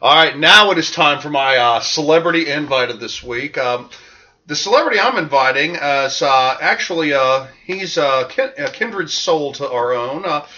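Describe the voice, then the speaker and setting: A man's voice: a little high, animated, normal speed, pushed and bright. A man from the American South co-hosting a casual podcast, rambling and joking with lots of fillers. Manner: rambling, jokey, filler-heavy. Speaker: podcast co-host. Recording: dull lo-fi podcast audio.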